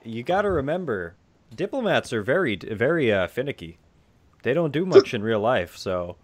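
A man's voice: mid-range voice, big pitch swings, normal speed, no echo. A man narrating as dungeon master of a tabletop game, talking with many ums and restarts. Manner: hesitant, full of ums and restarts.

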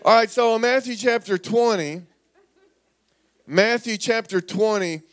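A man pastor preaching a sermon in a church, animated and calling on the congregation to repeat words back. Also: high voice, measured pace. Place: church sanctuary.

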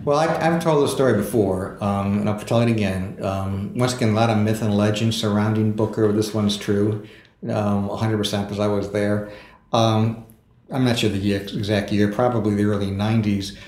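A man's voice: on the low side, steady tone, moderate pace, a little mellow. A man, a book author, telling anecdotes in a casual podcast interview, with fillers and chuckles. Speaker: author guest. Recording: echoey room.

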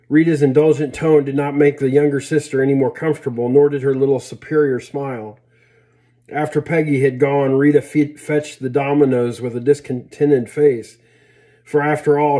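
Man reading story aloud, mellow warm voice, plain unhurried delivery, occasional slips. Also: medium pitch, fairly even intonation. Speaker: reader.

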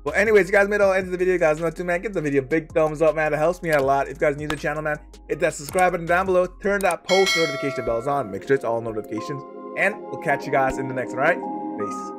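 A man's voice: fairly high pitch, racing, over music. A man hosting a reaction video, chatting casually and tossing in man a lot. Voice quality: laid-back, says man a lot.

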